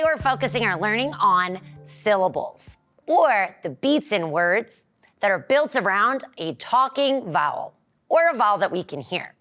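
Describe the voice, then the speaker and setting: A woman teacher leading a children's lesson, singing and cheering in a bright, encouraging, sing-song voice. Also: medium pitch.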